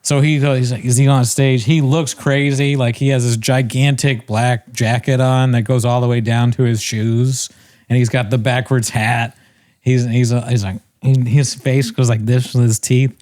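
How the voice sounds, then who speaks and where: A man's voice: medium pitch, level tone, darkish tone. A young man co-hosting a podcast, telling a rambling, self-mocking story in casual chat. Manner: rambling, self-mocking, quick to laugh at himself. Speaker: podcast co-host.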